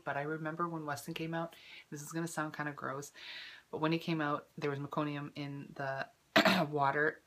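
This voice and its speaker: Chatty woman with a bright low voice. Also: flat delivery, normal speed. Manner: emotional, tearful at times; chatty, many fillers. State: recovering from a cough, throat-clearing. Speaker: vlogger. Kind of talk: casual personal vlog.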